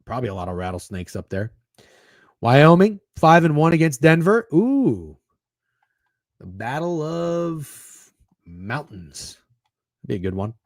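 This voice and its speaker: A man's voice: on the high side, very animated, normal speed, dry recording. Guy hosting a betting stream, swears a ton, rambles, voice jumps up and down a lot, dry sound. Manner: profane, rambling, sarcastic. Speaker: sports betting stream host. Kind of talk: casual livestream chat.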